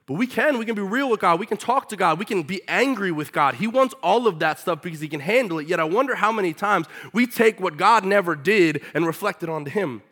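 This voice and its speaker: A man preaching a sermon in a casual, animated way with everyday slang. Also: high voice, brisk, hardly any pauses.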